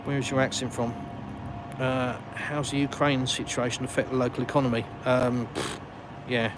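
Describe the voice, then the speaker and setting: Street noise and passing cars fill this noisy outdoor phone stream as a man walks through a village, live-streaming and reading comments. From England, he has a southern English accent, a mid-range voice, and a flat delivery at a moderate pace, chatting casually and mocking himself.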